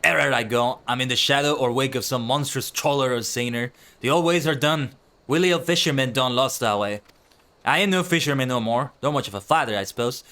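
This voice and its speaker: A man doing a gruff, broken-down old fisherman. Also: mid-range voice, animated, brisk, fairly bright tone, natural voice. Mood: weary. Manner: gruff, rough dialect with dropped grammar. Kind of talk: reading game dialogue aloud in a put-on accent.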